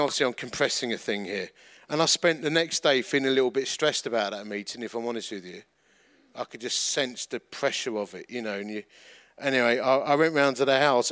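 A man's voice: a little high, fairly bright tone. A middle-aged male pastor, preaching in a chatty storytelling way that pokes fun at himself and acts out the voices of people in his stories. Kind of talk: storytelling sermon.

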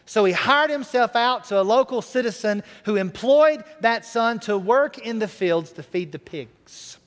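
Brief: earnest male preacher, fairly high voice, storytelling sermon. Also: expressive, measured pace, a bit bright, big-room sound.

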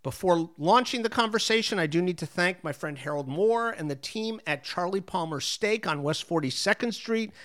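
A man's voice: sits high, lively intonation, moderate pace, few pauses, a bit bright. A man hosting a food podcast, chatting in a restaurant dining room with restaurant sounds behind. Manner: chatty, conversational. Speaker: podcast host. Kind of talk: interview and show intro. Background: restaurant noise.

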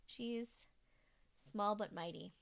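A woman's voice: medium pitch, takes it slowly, vocal fry, no echo. A woman co-hosting a podcast in casual chat, teasing and chatty, laughing often. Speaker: podcast co-host.

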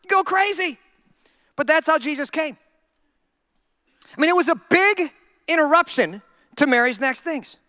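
A male pastor preaching a sermon in a humorous, animated storytelling way. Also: very high-pitched, normal speed, pauses often, no room sound, studio quality.

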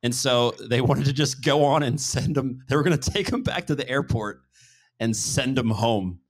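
A man's voice: medium pitch, moderate pace. An American man hosting a casual podcast chat, joking and laughing easily. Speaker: podcast host.

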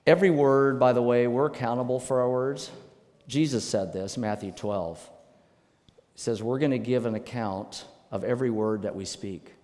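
A male pastor preaching a sermon, emphatic and animated, with sudden loud bursts. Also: medium pitch, normal speed. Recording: long reverb of a church hall.

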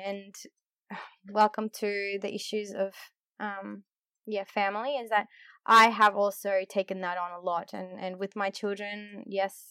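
A woman's voice: medium pitch, a bit bright, clear, resonant tone, dry recording, clean studio sound. A middle-aged woman who leads in church, talking candidly and a little self-deprecatingly, rambling with fillers as she reflects. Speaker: church leader. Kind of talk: casual reflective talk.

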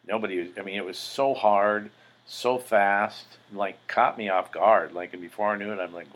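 A man's voice: low voice, fairly bright tone, poor audio. A middle-aged man hosting a podcast, telling a long story in a rambling, profane way with lots of filler words. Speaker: podcast host. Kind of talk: casual storytelling monologue.

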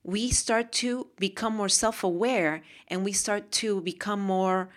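A woman's voice: medium pitch, steady tone, unhurried. A woman hosting a motivational podcast, talking casually and emphatically and repeating phrases for emphasis. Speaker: podcast host.

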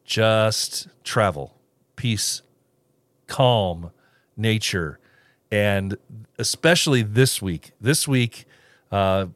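A man's voice: lowish voice, expressive, very slow, pauses often, fairly bright tone, dry recording. A man hosting a casual solo podcast, rambling with restarts and little chuckles as he reads live comments. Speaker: podcast host.

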